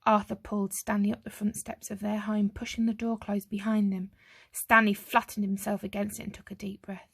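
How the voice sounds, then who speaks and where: Gravelly storybook reader, a woman. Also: medium pitch, brisk, no echo. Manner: clear, expressive read-aloud delivery. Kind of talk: reading a children's book aloud.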